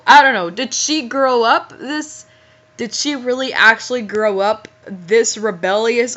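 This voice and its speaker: A young woman reads a story aloud and keeps stopping to react in disbelief, her fairly high voice breaking into giggles. Her delivery is casual and exasperated. The audio is muffled and lo-fi. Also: a bit bright. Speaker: host, fanfiction reader. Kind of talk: comedic reading with commentary.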